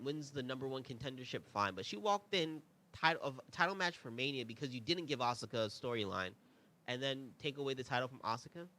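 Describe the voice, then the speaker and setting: A young man with a fairly high, bright voice that swings widely as he talks. He hosts a review show in a casual, opinionated ramble, tossing in quick asides and rhetorical questions. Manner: animated, rambling, conversational asides. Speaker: podcast host.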